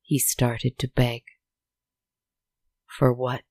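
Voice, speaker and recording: A storyteller reading a dark tale in a slow, solemn, measured way. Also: mid-range voice, level tone, no echo. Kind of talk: scripted story narration.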